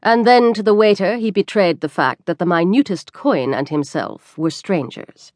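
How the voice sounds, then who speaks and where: A woman narrating a classic short story as an audiobook, with expressive, lively storytelling. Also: mid-range voice, normal speed, dry recording, clean studio sound.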